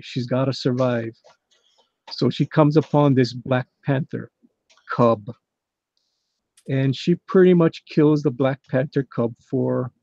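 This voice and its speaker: An easygoing man talks about his comic work in a relaxed, unhurried way. His voice is mellow and dark-toned. The sound is dry and a little muffled, like a video call. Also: medium pitch, creaky, no room sound. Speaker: comic artist guest. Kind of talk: casual chat on a livestream.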